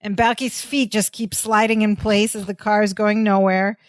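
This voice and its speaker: A woman's voice: medium pitch, moderate pace, dry recording, studio quality. A young adult woman from the Chicago area co-hosting a podcast, recapping a sitcom episode in casual chat and acting out the characters' lines as she goes. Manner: animated, acts out characters' lines while retelling scenes. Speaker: podcast co-host.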